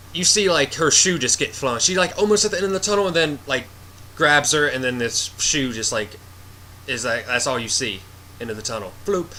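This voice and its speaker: A man talks through a movie review in loose, rambling fashion, retelling the plot with plenty of animation and blunt asides. His voice is bright and pushy. A faint hiss of noise sits behind him. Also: mid-range voice. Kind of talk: casual spoiler review.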